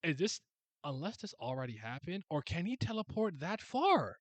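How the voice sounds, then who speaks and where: A man's voice: fairly high pitch, moderate pace, no room sound. A man hosting a casual reaction to a new manga chapter, talking straight to his viewers in loose slang and reading bits aloud, with a handheld mic held close. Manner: casual, excitable, talks to the audience with slang. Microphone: handheld mic on a swing arm, held close.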